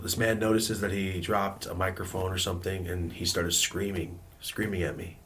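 Profane, animated young man telling a story. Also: low-pitched, moderate pace, slight background noise. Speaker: vlogger. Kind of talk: storytelling straight to camera.

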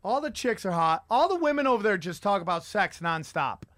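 A man hosting a podcast, telling stories in an animated, profane comedic rant. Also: high-pitched, a little fast, dry recording. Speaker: podcast host.

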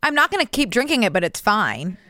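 A woman's voice: mid-range voice, very animated, fairly quick, sharp tone, no room sound, studio quality. A young woman co-hosting a podcast, playful and insistent in casual chat. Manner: playful, insistent, laughing easily. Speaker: podcast co-host.

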